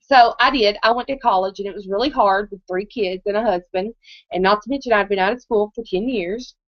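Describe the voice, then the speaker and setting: In a live motivational testimony, a woman in her thirties tells her story conversationally and keeps checking in with the audience. Her mid-range voice moves fairly quickly. The recording is dull, muffled and dry, with no echo.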